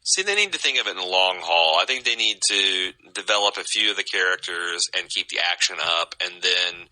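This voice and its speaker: A man's voice: low voice, expressive, brisk, sharp tone, rough recording. A man co-hosting a podcast in casual chat, giving strong opinions and reading out listener comments. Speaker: podcast co-host.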